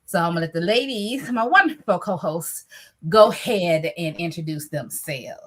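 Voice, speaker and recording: A woman hosting a casual online chat, out of breath and relaxed, with an easygoing, teasing manner. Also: lowish voice, moderate pace. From Michigan. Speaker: host.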